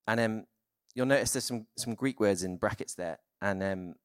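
A male preacher talks through his sermon in an easygoing, conversational way, often pausing on fillers. His voice sits on the low side and is recorded close, with almost no room sound. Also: clear, resonant tone, dry recording.

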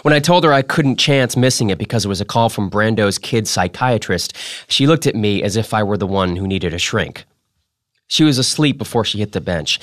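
A man hosting a podcast, reading a memoir aloud with dramatic delivery that drops to a hush. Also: fairly low pitch, no room sound, studio quality. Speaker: podcast host.

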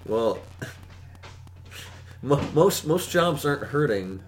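A man's voice: a little high, lively intonation, slow, faint music behind. A man co-hosting a podcast in casual chat, laid-back and mostly giving short agreeing replies. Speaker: podcast co-host.

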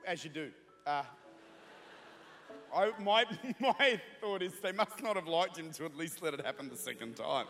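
A man's voice: a little high, animated, normal speed, fairly bright tone. A man in his thirties preaching a sermon, telling a humorous story and building into fervent prayer. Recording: reverberant hall with music.

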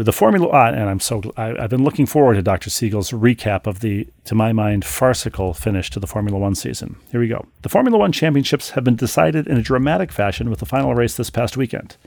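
A man co-hosting a podcast, reading listener mail aloud and then telling a story in a wry, animated way, with frequent restarts, on a close studio mic. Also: medium pitch, vocal fry, dry recording. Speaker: podcast co-host.

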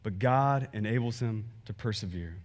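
A man preaching a sermon, conversational and animated, reading scripture and acting out churchgoers. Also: fairly low pitch, moderate pace. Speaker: pastor.

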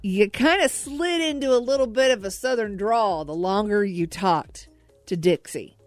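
A woman's voice: mid-range voice, moderate pace, no room sound, faint music behind. A woman co-hosting a radio show in casual studio chat, teasing her co-host and laughing often.

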